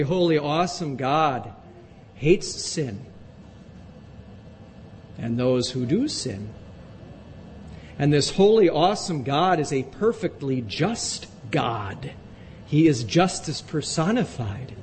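Emphatic male pastor in a reverberant church. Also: a little mellow. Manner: emphatic, repeating words for weight. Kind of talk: sermon. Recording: long reverb with faint rumble.

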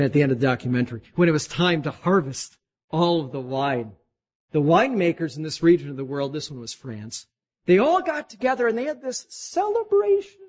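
Pastor, man, husky and a touch high-pitched, lively sermon delivery. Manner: animated preaching, voice climbing high when voicing God.

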